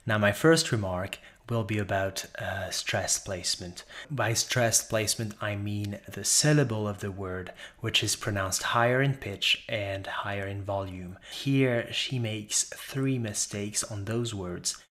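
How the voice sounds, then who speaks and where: A man working as an accent coach, explaining pronunciation points in a measured, methodical way with frequent short pauses. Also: fairly low pitch, a bit bright.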